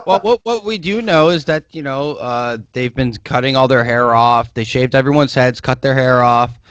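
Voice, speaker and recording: A man co-hosting a comedy podcast, talking loud, crude and provocative in casual banter. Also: medium pitch, moderate pace, clean tone, no echo, dull audio. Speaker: podcast co-host.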